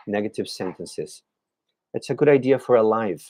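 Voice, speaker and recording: A man's voice: on the low side, animated, muffled recording. Man teaching English on a livestream. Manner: friendly, answers viewer questions by name; models pronunciation of words slowly. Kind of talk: live-streamed language lesson.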